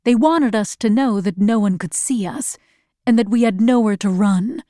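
A woman reading a first-person story aloud in a slow, measured and earnest way. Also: mid-range voice, mellow, dry recording, studio quality. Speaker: narrator.

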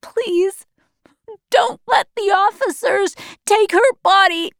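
A woman's voice: very high-pitched, slow pace, dry recording, studio quality, voice pushed up, full character voice. A woman voicing a frightened young boy who pleads. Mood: pleading.

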